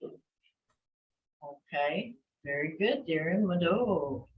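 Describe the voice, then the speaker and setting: Patient language teacher, female, slow and warm-handed with corrections, dull call audio. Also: low-pitched, lively intonation, slight background noise. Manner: patient, encouraging, calls on students by name. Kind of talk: online language class. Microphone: video call.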